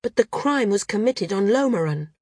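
A woman's voice: medium pitch, expressive, normal speed, darkish tone, husky, no room sound, studio quality. A woman voicing an angry, confrontational woman flyer with a hard, accusing delivery, in an audiobook. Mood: demanding.

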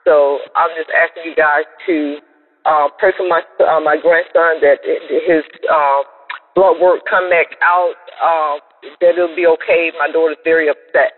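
An older man asks for prayer in an earnest, halting voicemail full of fillers. His voice is slightly husky and pitched a bit high. The phone line is thin and echoes. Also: level tone. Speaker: caller. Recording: tinny phone line with reverb.

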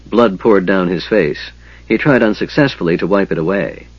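Steady and measured, a male narrator with a deep, husky voice reads a fantasy story for an audiobook. The recording has no room sound and feels dry and a little flat.

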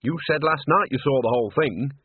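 A man's voice: mid-range voice, a little fast, husky, dry recording, pitched above the performer's own voice, close to an everyday voice. Nanny, a fretful old witch played by a man. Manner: worried and hesitant. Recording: dry, narrow lo-fi band.

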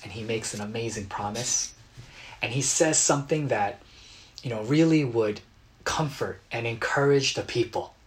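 A man preaching a sermon as a pastor, earnest and dramatic, acting out quotes with bursts of loud emotion. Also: mid-range voice. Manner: earnest, dramatic retellings with sudden loud outbursts.

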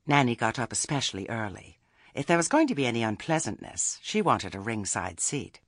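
A male audiobook narrator with a husky voice, reading with wry, expressive storytelling. His pitch rises and falls a lot, and the sound is close and dry with no room. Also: a little fast, dry recording. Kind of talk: scripted narration.

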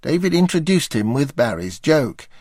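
An older man narrates his memoir with dry, wry understatement. His voice is gravelly with a rough fry at phrase ends. It is recorded close and dry, with no room sound. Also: mid-range voice, sing-song, normal speed, a little mellow, no room sound. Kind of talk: reading a memoir aloud.

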